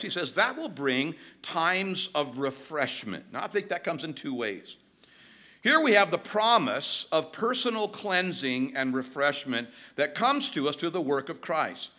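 A man preaching a sermon, emphatic and animated, often dropping his voice low for key words. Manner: emphatic, animated preaching with dramatic drops in pitch. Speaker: pastor.

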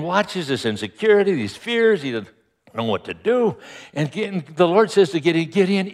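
A male preacher retelling a Bible story in an animated, playful storytelling sermon. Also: on the high side.

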